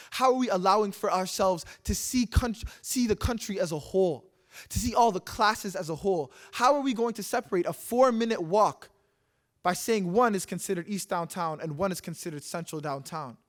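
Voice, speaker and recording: High-voiced young man, earnest spoken word. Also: normal speed, a bit bright. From Canada. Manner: earnest, rhythmic, repeating lines for emphasis. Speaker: speaker at a public talk. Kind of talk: spoken-word poetry and impassioned public talk. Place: live stage talk in a city hall.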